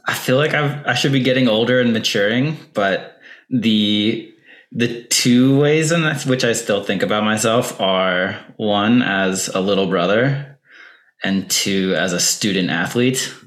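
A young man speaking as an interview guest, relaxed and rambling with many fillers. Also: fairly low pitch, measured pace. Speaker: guest, professional trail runner. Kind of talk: casual interview talk.

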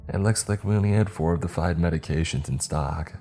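A man's voice: deep voice, a little fast, dark tone, faint music behind. A man voicing a friendly young woman pharmacy tech who politely apologizes. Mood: apologetic.

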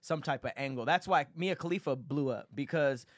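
A man hosting a casual, joking podcast chat, animated and acting out quoted voices. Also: fairly high pitch, a little fast, no echo, studio quality. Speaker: podcast host.

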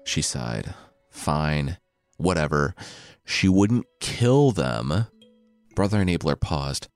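A male storyteller with a fairly low voice that moves through a lively pitch range. He retells the story with irreverent, sarcastic asides. The recording is dry and close, with no room around it. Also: takes it slowly, no echo, soft background music.

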